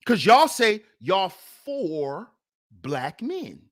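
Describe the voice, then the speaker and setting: A man hosts a livestream in a preachy, fired-up way, firing rhetorical questions at his listeners. His voice leaps around in pitch while the pace stays slow and deliberate. He shifts between loud challenges and low sarcastic asides. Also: big pitch swings. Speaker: livestream host.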